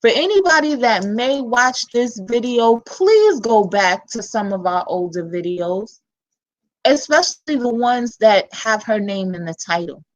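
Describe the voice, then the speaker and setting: A woman's voice: on the high side, very animated, a little slow, muffled recording. A woman with a New York accent hosting her own vlog, talking bluntly and candidly in casual slang-filled commentary. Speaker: channel host.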